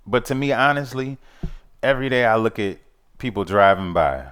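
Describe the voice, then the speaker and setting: Low-voiced man rambling earnestly. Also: expressive, moderate pace, fairly bright tone, clear, resonant tone. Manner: rambling, repeats "you know what I mean"; earnest, preachy. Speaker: vlog host. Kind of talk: casual monologue.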